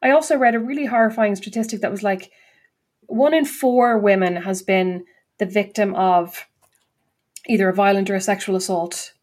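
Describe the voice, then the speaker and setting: A woman's voice: mid-range voice, steady tone, moderate pace, a little mellow. A woman, co-hosting a podcast in casual chat, teasing with dry interjections. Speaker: podcast co-host.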